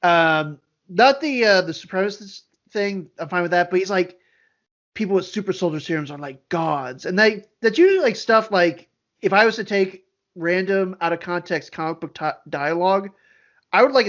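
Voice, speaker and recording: A man's voice: sits high, moderate pace, fairly bright tone. A man co-hosting a podcast, chatting casually and rambling animatedly with many fillers. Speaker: podcast co-host. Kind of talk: casual chat. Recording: dull lo-fi audio.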